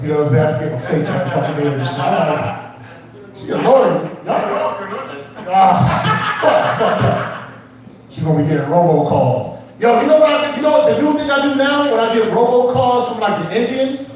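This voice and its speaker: Recorded off-mic with roomy echo in a small comedy club, a young male comedian rambles through an open-mic set, cursing and chatting with the crowd. His voice is fairly high and briskly paced, with lively intonation.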